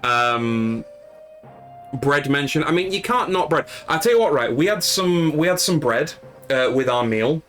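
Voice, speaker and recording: A man's voice: a little high, expressive, measured pace, fairly bright tone, faint music behind. A man from Yorkshire with a Yorkshire accent, chatting casually and rambling to his stream's viewers, with many fillers and restarts. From Yorkshire, north of England. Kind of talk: casual chat with live viewers.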